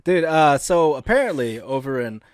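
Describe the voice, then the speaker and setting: A man's voice: fairly high pitch, sing-song, normal speed, no room sound, studio quality. A young man co-hosting a podcast, telling stories in casual comedic banter, laughing often and swearing casually. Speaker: podcast co-host.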